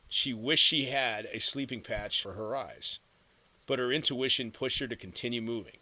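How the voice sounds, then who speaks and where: Bright-voiced male audiobook narrator. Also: medium pitch, normal speed, slight background noise, low-quality recording.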